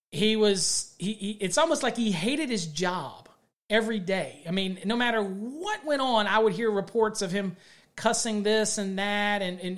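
A man's voice: high voice, a bit bright. A middle-aged man, an electrical contractor hosting a show, gives a plainspoken leadership talk built on stories from his own job sites. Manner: plainspoken, tells workplace stories from experience.

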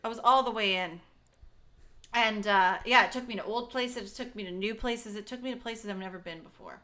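A woman's voice: medium pitch, bright, forceful tone. A woman co-hosting a podcast in casual chat from a basement, playful and jokey. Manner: playful and chatty, quick to joke. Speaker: podcast co-host.

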